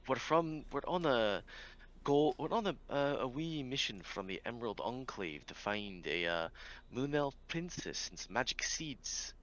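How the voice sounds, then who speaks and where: A man's voice: medium pitch, lively intonation, measured pace, a bit bright, muffled recording. A man doing a big hearty adventurer. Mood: polite. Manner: hearty, bowing, rambling politely. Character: big bluff male adventurer with a burr.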